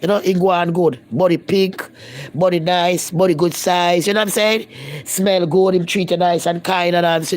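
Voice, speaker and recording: A woman's voice: fairly low pitch, fairly even intonation, normal speed. A Jamaican woman talking bluntly to viewers in a casual live-stream chat, speaking in patois and repeating herself for emphasis. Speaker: vlogger.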